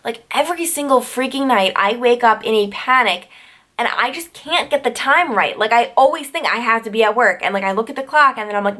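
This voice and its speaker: A woman's voice: on the high side, brisk, bright, forceful tone. A young adult woman from New York telling a storytime vlog, chatty and full of "like" fillers and tangents. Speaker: YouTuber.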